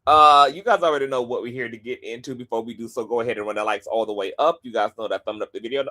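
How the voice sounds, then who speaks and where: A man hosting a casual livestream, chatty and animated. His voice has a middle pitch, and he rattles through plugs quickly with playful asides. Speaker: host.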